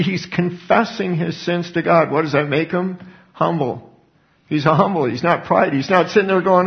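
Gravelly-voiced male preacher, lo-fi sound. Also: sits high, normal speed. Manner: earnest Bible exposition with animated asides. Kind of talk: sermon. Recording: dull lo-fi recording.

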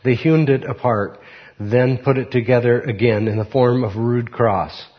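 A man preaching and then reading a children's story aloud, unhurried and reflective, with fillers. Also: mid-range voice, in a large hall. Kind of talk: sermon with a read-aloud story. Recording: muffled recording.

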